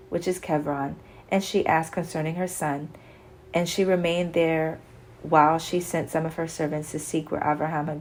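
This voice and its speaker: A woman reading an old religious text aloud in a steady, earnest way, slowing down for quoted speech. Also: low-pitched, a little hiss or hum, poor audio. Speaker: scripture reader. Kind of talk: scripture reading.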